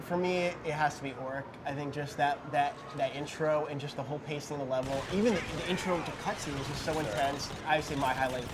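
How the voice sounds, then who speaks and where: Fast-talking man, halting, on a noisy event floor. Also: a little high. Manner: halting, searches for words. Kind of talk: casual chat. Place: indoor launch event venue.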